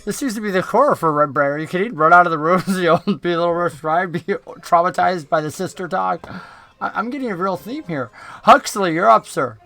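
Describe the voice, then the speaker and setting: Bright-voiced man running a tabletop game. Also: high voice, fairly quick, vocal fry. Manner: casual, describes scenes with filler words. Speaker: dungeon master.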